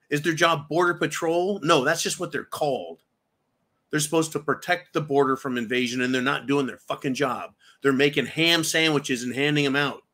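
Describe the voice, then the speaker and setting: Angry ranting man, bright tense voice. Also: on the high side. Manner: profane, ranting, rhetorical questions. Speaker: commentary show host. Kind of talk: angry political commentary monologue.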